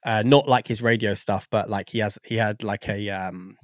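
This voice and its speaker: A man's voice: fairly low pitch, fairly even intonation, moderate pace, dry recording, clean studio sound. A man, a guest on a podcast, talking in a rambling, casual way and searching for words with lots of fillers. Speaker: guest audio engineer.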